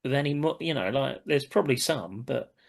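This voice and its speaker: A podcast co-host chatting casually, quick to laugh and to check facts. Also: medium pitch, lively intonation, creaky. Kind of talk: casual chat.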